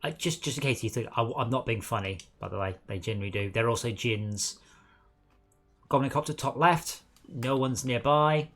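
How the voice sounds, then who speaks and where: A man's voice: medium pitch, normal speed, a bit bright. A man streaming a co-op game, chatting casually and self-mockingly while calling out targets and coaching his teammates. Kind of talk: casual gameplay chat.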